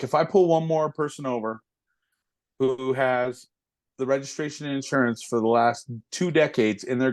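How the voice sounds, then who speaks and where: A man in his forties, a police officer and stand-up comic, chatting in an interview and telling jokes with lively impressions. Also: medium pitch. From United States. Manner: animated storyteller, slips into impressions of people. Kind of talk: casual interview chat.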